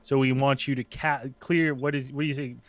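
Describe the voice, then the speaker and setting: A man's voice: mid-range voice, fairly even intonation, a little fast, a loud crowd. A man co-hosting a radio talk show in the studio, asking rambling, easygoing questions.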